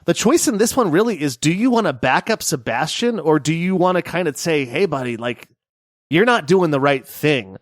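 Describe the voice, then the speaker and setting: A man co-hosting a gaming podcast in casual chat, talking in an animated way and laughing easily. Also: a little high, normal speed, no echo, studio quality. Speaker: podcast co-host.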